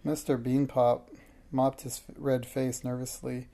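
A man narrating a children's storybook in a steady, plain reading voice. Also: medium pitch, unhurried, vocal fry.

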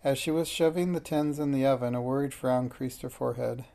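A reader narrating a children's storybook aloud in a steady, unhurried way, with small slips. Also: mid-range voice, vocal fry.

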